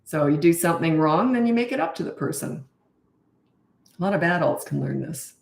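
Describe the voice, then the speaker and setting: A woman's voice: on the low side, lively intonation, brisk, creaky. Blunt woman parenting coach, echoey room. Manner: blunt, emphatic, laughs at herself. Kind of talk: casual advice monologue.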